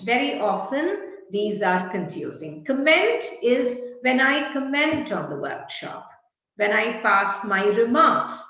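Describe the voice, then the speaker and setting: A woman with an Indian English accent leads an online pronunciation workshop, talking slowly through example sentences. Her voice sits fairly high and rises and falls a lot. The call audio is muffled and very echoey. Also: very animated, a bit bright. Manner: slow, deliberate, with example sentences. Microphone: video call.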